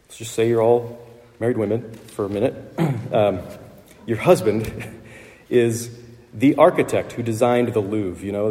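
A man's voice: fairly low pitch, warm tone. A man preaching a sermon in a conversational way, with fillers and small laughs. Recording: long hall reverb.

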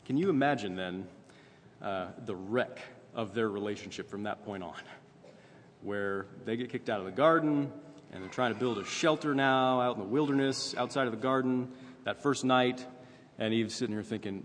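A man's voice: medium pitch, moderate pace. A man preaching a sermon in a conversational way, often checking in with "right?" as he goes. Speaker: pastor. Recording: long reverb, faint ambient noise.

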